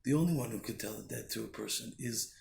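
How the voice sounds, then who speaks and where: Brief: male rabbi, gravelly voice, earnest storyteller, roomy recording with faint hum behind. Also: mid-range voice, fast, a little mellow. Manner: earnest, restarts often. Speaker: rabbi giving a weekly Torah thought. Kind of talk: short spoken Torah talk with storytelling. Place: Jerusalem.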